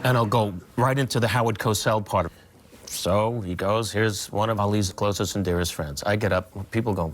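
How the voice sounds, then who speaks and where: A man in his sixties, a comedian and guest, telling stories in an interview, animated and slipping into impressions. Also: lowish voice, brisk, noisy background. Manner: animated, breaks into impressions and laughter. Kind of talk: storytelling in a talk show interview.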